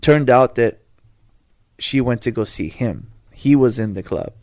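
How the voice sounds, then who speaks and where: A man's voice: medium pitch, animated, measured pace, darkish tone, no echo, studio quality. A man hosting a podcast, telling a rambling personal story in casual slang, with restarts and asides. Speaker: podcast host.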